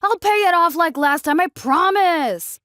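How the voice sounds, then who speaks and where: A frantic teenage boy begs his mother for help in a high, loud, urgent voice, as a woman narrator puts him on. He presses on and on, his voice pushed up near breaking. The recording is dry and close. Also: unhurried, no echo. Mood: pleading. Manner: urgent, pleading.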